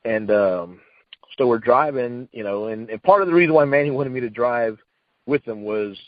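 A man's voice: mid-range voice, normal speed, no echo, phone-quality sound. A middle-aged man telling an old story in a casual, rambling way, full of fillers and restarts, acting out what people said. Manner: rambling, many fillers and restarts, acts out quotes. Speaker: retired wrestler guest.

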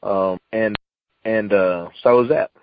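A man's voice: fairly low pitch, measured pace, a little hiss or hum. Middle-aged guy telling stories, lots of um and uh, kinda muffled lo-fi sound. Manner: rambling, many fillers and restarts, acts out quotes. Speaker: retired wrestler guest. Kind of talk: casual storytelling.

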